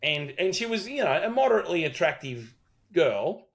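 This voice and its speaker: A man's voice: a little high, big pitch swings, moderate pace, vocal fry. An Australian man co-hosting a podcast, telling a rambling, swear-heavy story in casual chat. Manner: profane, rambling storyteller with many restarts. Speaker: podcast co-host.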